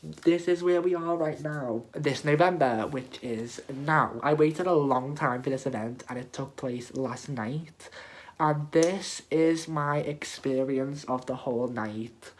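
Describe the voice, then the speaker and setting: A man's voice: fairly high pitch, takes it slowly, slight background noise. A young man from Liverpool with a Scouse accent, telling a story to camera in a chatty vlog, full of fillers and asides. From England, Liverpool. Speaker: vlogger. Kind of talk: casual storytelling rant to camera.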